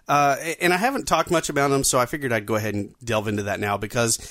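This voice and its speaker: A man hosting a podcast in a relaxed, conversational way, often pausing on fillers and restarting his sentences. His voice sits at an ordinary pitch and sounds close and dry, with no room echo. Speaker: podcast host. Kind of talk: casual podcast chat.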